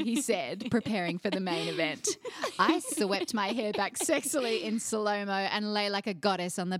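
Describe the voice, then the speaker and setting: A young Australian woman co-hosts a chatty podcast, reading a listener letter with animated laughter. Her pitch rises and falls a great deal. The sound is close and dry. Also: dry recording. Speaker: podcast co-host.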